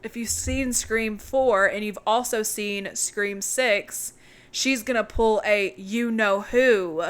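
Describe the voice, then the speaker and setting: A woman's voice: mid-range voice, slow pace, a bit bright, smooth. A woman co-hosting a podcast, recapping a movie plot in a casual, chatty way with some swearing. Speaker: podcast co-host.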